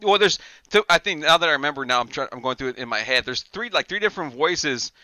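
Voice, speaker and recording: A man's voice: fairly high pitch, expressive, quick pace, pushed and bright, clear, resonant tone, no echo, poor audio. A man hosting a podcast in casual chat, rambling, swearing and laughing often. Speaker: podcast host.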